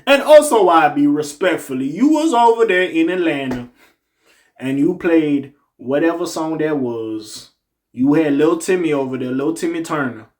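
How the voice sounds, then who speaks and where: A man hosting a casual hip-hop news commentary, animated, swinging between loud outbursts and low muttered asides. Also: normal speed. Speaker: commentary channel host.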